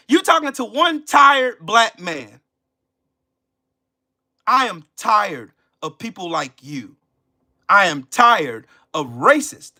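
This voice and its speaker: A man hosting his own channel, delivering an angry, profane, confrontational rant and shouting at times. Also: high voice, big pitch swings, measured pace. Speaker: channel host.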